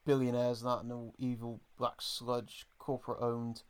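A man's voice: mid-range voice, monotone, normal speed, clean tone. A man co-hosting a podcast, chatting casually with lots of fillers about an episode. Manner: chatty, many fillers, acts out quoted lines. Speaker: podcast co-host. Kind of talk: casual episode review chat.

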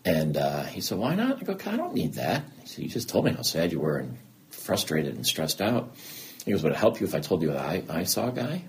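Here the anchor's pitch is extremely low and his delivery brisk. The middle-aged TV news man opens up as a guest, recounting personal anecdotes candidly and performing each side of past dialogues with lively energy.

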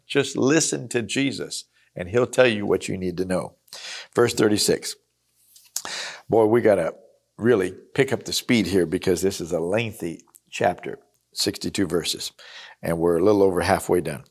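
A man with a fairly low voice reads a Bible passage and pauses to explain it. His delivery is earnest and conversational, like a teacher working through a chapter with his listeners. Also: breathy edge. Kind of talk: sermon-style Bible reading and teaching.

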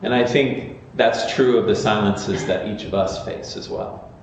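Pastor preaching in a very echoey church. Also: male voice, on the low side, fairly even intonation, measured pace, a little hiss or hum. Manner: conversational, with fillers and restarts. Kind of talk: sermon. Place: large echoey church sanctuary. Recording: echoey muffled church recording from far off.

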